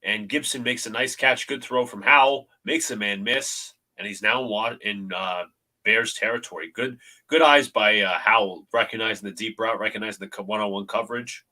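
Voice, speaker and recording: A man's voice: on the low side, moderate pace, pushed and bright. A man co-hosting a fan football stream, breaking down plays and cracking goofy running jokes. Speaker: co-host, color commentator. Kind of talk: livestream play commentary.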